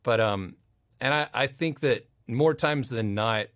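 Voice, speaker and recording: A man's voice: medium pitch, measured pace, a bit bright, no room sound. A man who works as a voice actor at a recording studio, telling rambling stories in a casual interview and slipping into playful quoted voices.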